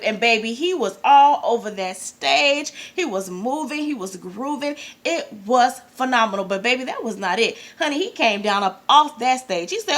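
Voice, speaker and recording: This woman speaks in a somewhat high voice. She chats casually and excitedly, gushing with slang and cheerful profanity as she reviews a show for her vlog. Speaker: vlogger reviewing an awards show. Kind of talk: casual chat.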